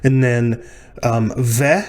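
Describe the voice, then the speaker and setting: A male teacher working through practice exercises in a recorded lecture, thinking aloud with pauses and self-corrections. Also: mid-range voice, fairly even intonation, darkish tone.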